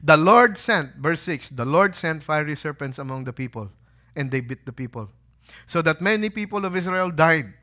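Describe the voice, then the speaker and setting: A pastor preaching a sermon, asking the listeners rhetorical questions and acting out quotes in a lively way. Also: male voice, on the high side, normal speed. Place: holy site visit.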